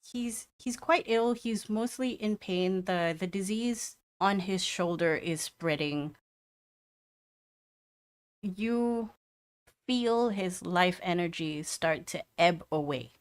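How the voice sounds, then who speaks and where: A woman narrating as game master in a tabletop game, describing scenes in a loose, halting way. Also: fairly low pitch. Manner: descriptive, with many fillers and restarts.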